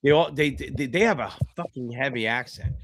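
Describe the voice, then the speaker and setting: A man's voice: medium pitch, normal speed, slight background noise. A man tutoring for a finance exam in a live online Q&A, chatty and joking, swearing freely and reading out viewer names between explanations.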